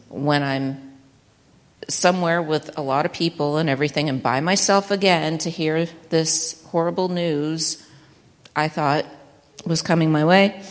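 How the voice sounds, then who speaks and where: Middle-aged woman, lowish gravelly voice, heartfelt testimony that climbs high when moved, hall reverb. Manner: emotional, voice rising high and breaking when moved. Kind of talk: personal testimony.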